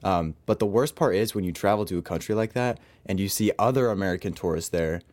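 A young man co-hosting a casual chat from home. His voice sits on the low side and he keeps things light, laughing often. He jokes easily with his partner. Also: quick pace, darkish tone. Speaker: co-host.

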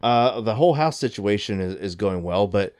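Animated, profane storytelling man. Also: moderate pace. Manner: animated, profane, jumps into high excited voices for quotes. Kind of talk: casual storytelling chat.

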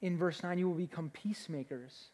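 Energetic young man preaching a sermon. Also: on the high side, a little fast. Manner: energetic, conversational, with restarts and laughs. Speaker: pastor.

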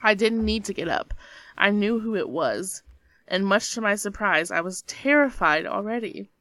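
A young woman reads a creepy story aloud with a crisp, bright voice, building the tension like a seasoned storyteller and slipping into nervous giggles. Her voice sounds close and dry, with almost no room around it. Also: mid-range voice, animated, moderate pace, no echo. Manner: dramatic storytelling that breaks into nervous laughter. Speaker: podcast co-host. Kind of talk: reading a scary story aloud.

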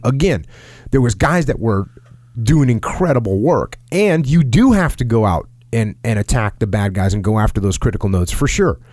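A middle-aged man in a casual podcast talk, reading from an article and acting out quotes with lively jumps in pitch. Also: normal speed, dry recording, clean studio sound. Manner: animated storyteller, acts out quotes in a raised pitch. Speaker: podcast host.

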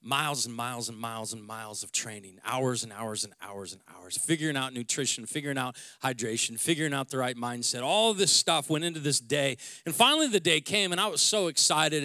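A man in his forties, a pastor praying and then telling a personal story in a conversational, animated sermon. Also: fairly high pitch, no room sound, clean studio sound. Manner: conversational and animated, with many restarts.

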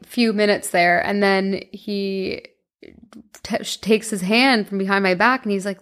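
A woman's voice: medium pitch, fairly even intonation, a little slow. A young woman in her twenties casually telling a personal story to her viewers, chatty and emotional, with many fillers and restarts. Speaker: vlogger.

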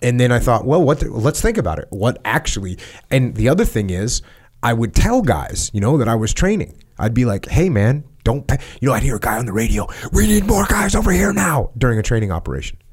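Male podcast host with a mid-range voice, calm and reflective, tells stories in a steady, even way. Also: mid-range voice, fast. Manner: reflective, retells radio calls in a calm level voice. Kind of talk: casual conversation.

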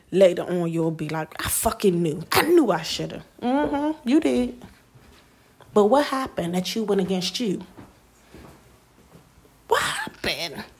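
A woman's voice: fairly low pitch, a little mellow. A woman podcast host giving a blunt, profane motivational monologue full of rhetorical questions.

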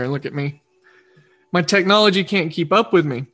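Hosting a sports betting podcast, a high-pitched man with an Oklahoma twang talks in a rambling, rapid, casual way, frequently catching and correcting himself. His tone is a bit bright.

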